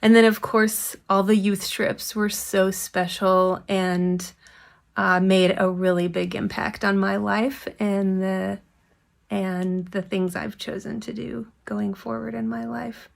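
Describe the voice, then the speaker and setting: A young adult woman giving a heartfelt video tribute with pauses and fillers. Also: medium pitch, little pitch movement, vocal fry. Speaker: family friend giving a tribute. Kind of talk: recorded video message.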